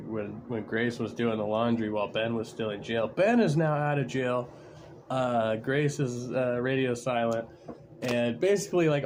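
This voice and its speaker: A man's voice: mid-range voice, a little hiss or hum. A man hosting a stream, talking casually in a sarcastic, mocking way, rambling with many fillers. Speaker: stream host. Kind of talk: casual commentary over a livestream.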